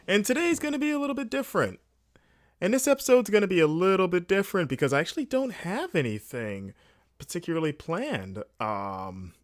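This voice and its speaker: A man hosting a solo podcast, rambling casually in a jokey, animated way late at night. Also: high voice. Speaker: podcast host.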